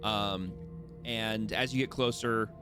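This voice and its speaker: A man's voice: on the low side, slow pace, music in the background. A man narrating a tabletop game as its game master, with a rambling, self-correcting delivery. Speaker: dungeon master.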